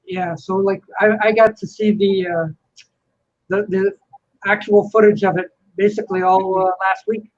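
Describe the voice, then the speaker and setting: A man's voice: high-pitched, little pitch movement, moderate pace. A man hosting a casual video chat, rambling with lots of filler words. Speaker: host. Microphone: video call. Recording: dull lo-fi video call audio.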